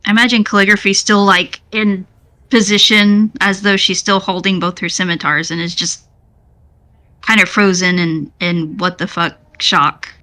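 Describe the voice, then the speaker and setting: A woman playing in a tabletop game, describing her character in an unhurried, rambling way. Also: mid-range voice, steady tone, pushed and bright. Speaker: player. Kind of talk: casual tabletop play.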